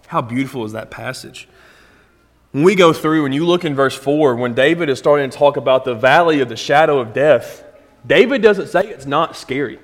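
Pastor guy preaching casually, mid-pitched voice, lots of long echo from the hall. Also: animated, moderate pace. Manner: conversational, asks the congregation "right?". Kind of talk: sermon.

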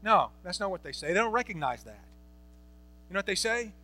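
Bright, high-voiced male preacher. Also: very animated, a little fast, pauses often, a little hiss or hum. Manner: emphatic, repeating phrases for rhetorical effect; asks the congregation rhetorical questions. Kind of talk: Bible-teaching sermon.

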